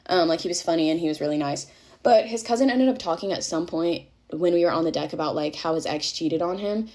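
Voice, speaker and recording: A woman's voice: fairly low pitch, darkish tone. A young woman telling a storytime in casual chat, chatty and exasperated, full of "like" and swearing. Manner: chatty, exasperated, swears freely, heavy use of "like".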